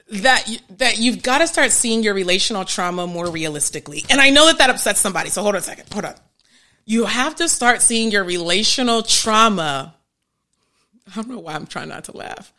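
Bright-voiced woman teaching on a live stream. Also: a little high. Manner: emphatic, restarts often, laughs at herself. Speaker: therapist hosting a live stream.

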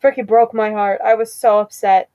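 A young woman co-hosting a podcast, chatting casually and gossiping about reality TV with quick laughs. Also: mid-range voice, steady tone, dark tone. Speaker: podcast co-host. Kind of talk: casual chat.

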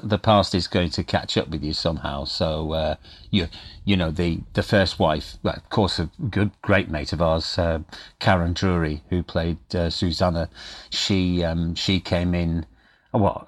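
A man, a guest actor, reminiscing in a podcast interview in a halting, stop-start way. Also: low-pitched, fairly even intonation. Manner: halting, full of restarts.

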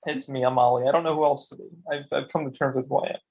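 Fast-talking gravelly man, swearing freely. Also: mid-range voice. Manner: rambling, excitable, swears a lot, acts out quotes. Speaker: podcast co-host. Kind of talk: casual chat.

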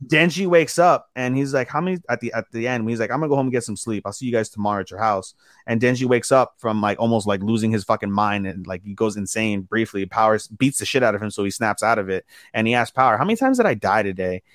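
Speaking quickly in a lowish voice, this podcast co-host is captured in studio quality without echo. His recap of the episode is casual and animated, full of acted-out character lines and repeated "he's like."

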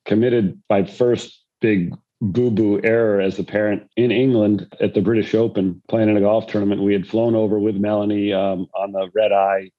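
A man's voice: fairly low pitch, little pitch movement, normal speed, mellow, muffled recording. An older man, a former pro golfer, telling rambling anecdotes about fatherhood in a conversation. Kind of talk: storytelling in a conversation.

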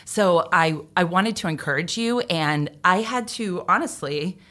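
A woman's voice: fairly low pitch, a little slow. A young woman guest on a podcast, chatting casually and acting out her own reactions as she tells stories. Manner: animated storyteller, acts out quoted reactions.

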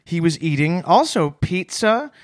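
A man from Toronto tells ridiculous stories as if they were news, his voice rising and falling with lively expression. The sound is dry and close, with no room echo. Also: on the high side, a little slow. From Toronto, Canada. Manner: mock-serious, tells absurd stories straight. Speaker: comedy podcast co-host. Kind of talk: deadpan comedic storytelling.

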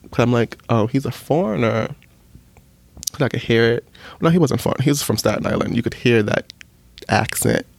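A man's voice: lowish voice, vocal fry, darkish tone, dry recording. A man telling a frank personal story in a chatty monologue, full of filler words and acted-out quotes of his own reactions.

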